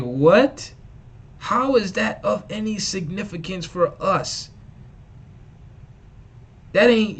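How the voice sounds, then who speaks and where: Emphatic, scornful male livestream preacher with a slangy delivery and a slightly raised pitch. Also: husky. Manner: emphatic and repetitive, mocking, slangy. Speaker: online preacher and teacher. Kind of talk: live-streamed preaching.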